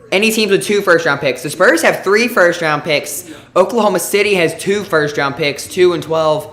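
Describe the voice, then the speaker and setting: A man's voice: high voice, normal speed, fairly bright tone. A man hosting a casual live sports stream, talking through draft picks in a hesitant way, with lots of fillers and restarts. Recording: echoey room, far from the mic.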